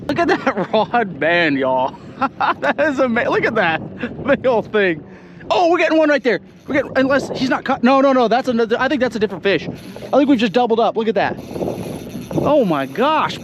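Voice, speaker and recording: A man giving excited, laughing commentary while fishing on a lake, talking to his viewers. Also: very high voice. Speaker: fishing vlogger. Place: outdoors on a boat on a lake. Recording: noisy outdoor boat recording.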